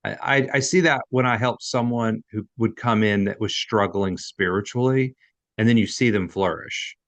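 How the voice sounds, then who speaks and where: A man's voice: fairly low pitch, normal speed, dry recording. A man hosting an interview, asking long, candid, rambling questions. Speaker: podcast host. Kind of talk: conversational interview.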